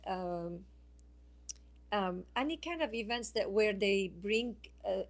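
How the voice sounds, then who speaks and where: A woman guest speaking by phone on a radio show, telling a personal story slowly and haltingly, with many fillers and restarts. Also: medium pitch. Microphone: phone line.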